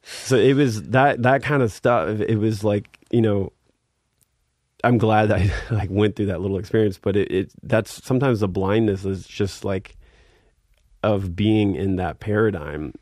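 A man's voice: lowish voice, measured pace, a little mellow, no room sound, clean studio sound. A man in his thirties, a guest musician, telling a story in a laid-back way with many fillers, getting livelier as he acts out scenes. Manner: laid-back, filler-heavy, reenacts scenes with rising energy. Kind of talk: casual storytelling.

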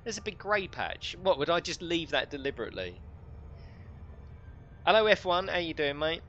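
A man's voice: fairly high pitch, expressive, moderate pace, sharp tone, highs cut off, slight background noise. A middle-aged man casually commentating a live game stream, chatting and joking with his viewers. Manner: jokey, chatty, reads out chat and laughs often.

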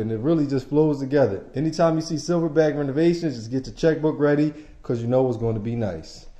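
A property manager with a medium-pitched, dark-toned voice leads a casual walkthrough of an empty house, talking enthusiastically to his viewers in slang as he moves from room to room. The bare indoor rooms make the recording sound echoey.

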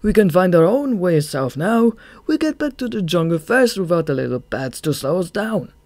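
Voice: medium pitch, big pitch swings, normal speed, a little mellow, no room sound. A reader voicing a dim, nervous bat henchman. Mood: pleading. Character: dim, anxious male giant bat henchman. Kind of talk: audiobook character voice.

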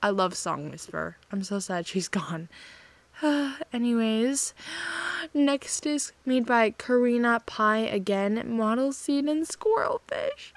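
Sighing frequently, a channel host gushes with sentiment over fan art in a casual chat. She has a rather high, expressive voice and speaks slowly, with no room sound in the recording.

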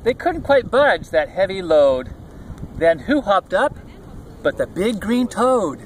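A man's voice: high-pitched, very animated, slow. An older man reading a picture book aloud to his grandchildren outdoors at a beach, playfully doing animal and truck sounds. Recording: faint outdoor background noise.

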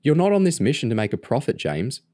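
A man reading aloud, voicing an eager, excitable young girl in a high, bright voice. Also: fast talker. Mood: bossy.

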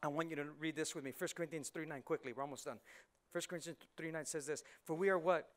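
A man preaching a lively sermon in a church, dropping to near whispers and rising to excited shouts, often acting out quick voices. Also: fairly high pitch. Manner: animated, swings from hushed to shouting, acts out voices. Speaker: pastor. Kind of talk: energetic sermon. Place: church hall.

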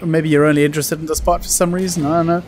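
A man's voice: on the high side, level tone, very fast, a little mellow, slight background noise. A man commentating his game playthrough, joking at the game and laughing often. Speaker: gaming channel host. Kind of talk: let's play commentary.

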